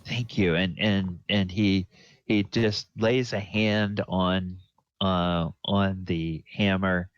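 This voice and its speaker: Man, dungeon master, deep voice, slow halting narration, fillers, dull lo-fi recording. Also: flat delivery, clear, resonant tone, no echo. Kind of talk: narrating a tabletop game.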